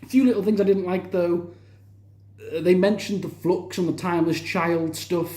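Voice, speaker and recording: A man's voice: sits high, steady tone, moderate pace, dark tone. Enthusiastic young man in echoey room. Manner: enthusiastic, rambling with restarts and fillers. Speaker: TV review vlogger. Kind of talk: casual spoken review.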